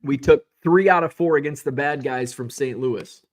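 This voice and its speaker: A man's voice: mid-range voice, moderate pace. Chatty middle-aged man hosting a live show. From United States. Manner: rambling, chatty, tangents and self-corrections. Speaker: live show host reading viewer chat. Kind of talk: casual live-stream chat.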